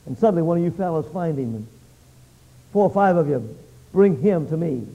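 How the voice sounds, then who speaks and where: A male preacher with a high, dark-toned voice delivers a revival sermon in a church, moving from prayer into dramatic storytelling. He swings between loud, emphatic bursts and hushed passages. The recording sounds dull and lo-fi. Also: animated, brisk, creaky. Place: church meeting hall.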